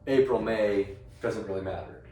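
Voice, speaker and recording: A man's voice: on the low side, normal speed, warm tone. A young man co-hosting a casual sports podcast, talking eagerly with stammering restarts. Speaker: podcast co-host. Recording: distant mic in an echoey room.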